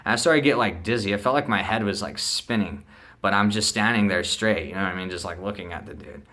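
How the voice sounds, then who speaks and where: A man's voice: lowish voice, quick pace, sharp tone. A young man telling a casual, profane story to camera, acting out the other people's voices and sound effects as he goes.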